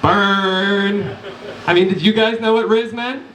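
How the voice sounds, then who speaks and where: A man in his thirties works a comedy club crowd with punchy one-liners, his voice sitting fairly high. The sound echoes through the room, captured from a distance. Faint room ambience hums underneath. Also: fairly even intonation, a little fast, noisy background. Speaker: stand-up comedian. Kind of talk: live stand-up set. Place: comedy club stage, live audience.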